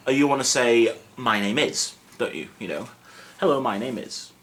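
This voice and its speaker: A young man teaching a casual video lesson in a relaxed, self-mocking, chatty way with lots of fillers. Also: mid-range voice, moderate pace. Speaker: Welsh language teacher. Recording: faint background noise.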